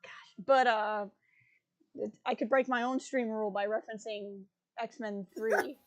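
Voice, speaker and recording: Woman host, fairly high and upbeat, casual video-call fan chat. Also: steady tone, measured pace. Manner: upbeat, laughing, prompting others. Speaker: stream host.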